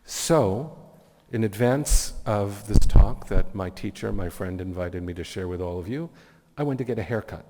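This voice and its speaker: A man's voice: lowish voice, moderate pace, few pauses, dark tone. Earnest man speaking in an echoey hall. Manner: heartfelt, earnest storytelling. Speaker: guest speaker at a community meeting. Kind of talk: inspirational speech with personal stories. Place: community event hall.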